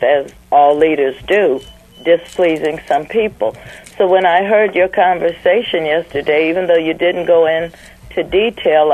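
Earnest woman caller on tinny phone. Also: sits low. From Northern California. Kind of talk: phone call to radio show.

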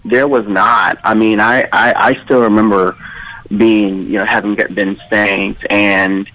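A man's voice: on the low side, fairly even intonation, bright, forceful tone, rough recording. A man calling in to a radio show, telling a painful childhood story with many restarts. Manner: halting, repeating himself. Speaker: caller. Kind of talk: phone-in personal story.

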